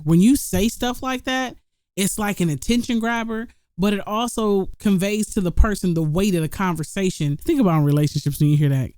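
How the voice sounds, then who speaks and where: Man, somewhat high voice, podcast co-host, casual chat, animated, acts out quotes, dry sound. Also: brisk, smooth, dry recording.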